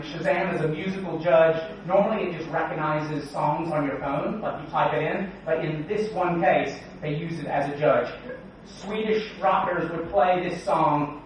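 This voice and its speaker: A man giving a joking, energetic conference talk and quizzing the audience. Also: on the high side, slight background noise. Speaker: conference speaker. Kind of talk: keynote talk. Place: large conference hall. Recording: echoey hall, distant, dull sound.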